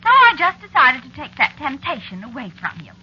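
An actress playing a jealous, sly witch wife in a 1940s radio drama, teasing and quietly menacing, on a dull lo-fi old radio recording. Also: high-pitched, big pitch swings, a little fast, a little hiss or hum. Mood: sly menace. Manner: purring, sly, mocking.

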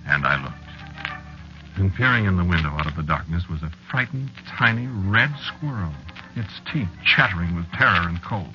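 A wistful, ageless husband. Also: male voice, low-pitched, animated, normal speed, sharp tone, full character voice. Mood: flustered. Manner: wistful, musing, nervously evasive in dialogue. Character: ageless man wed to a witch, wistful. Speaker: narrator. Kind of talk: 1940s radio acting. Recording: dull lo-fi old radio recording with music.

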